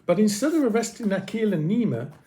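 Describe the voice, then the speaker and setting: A man reading a children's story aloud with expressive, dramatic pauses. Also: sits high, a little hiss or hum.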